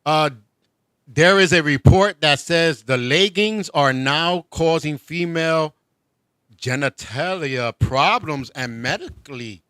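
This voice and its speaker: Joking guy hosting a chat show, bright voice, dry close sound. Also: a little high, unhurried, smooth, no echo. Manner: joking, animated, laughs often. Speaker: host. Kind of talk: casual comedic chat.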